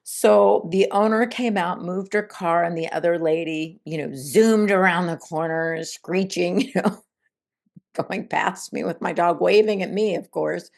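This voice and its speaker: A woman hosting a spiritual self-help podcast, talking in a gentle, reflective way and telling everyday stories. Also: fairly low pitch, a little slow, vocal fry. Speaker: podcast host.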